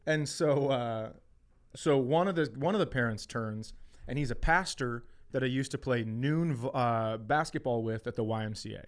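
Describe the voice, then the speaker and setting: A man's voice: medium pitch, normal speed. A middle-aged man on a podcast, telling a story with plenty of swearing and acted-out quotes. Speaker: podcast co-host. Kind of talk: casual storytelling chat.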